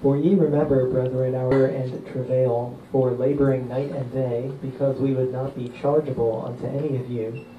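A man's voice: medium pitch, level tone, moderate pace, few pauses. An older man reading a scripture passage steadily during a sermon. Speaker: pastor. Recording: distant, muffled, roomy recording with faint ambient noise.

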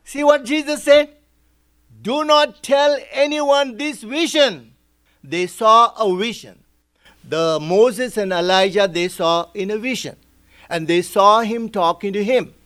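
A man's voice: sits high, animated, measured pace, a bit bright. A man preaching as a pastor, explaining Bible verses step by step and asking rhetorical questions. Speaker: pastor teaching a Bible study. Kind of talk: sermon.

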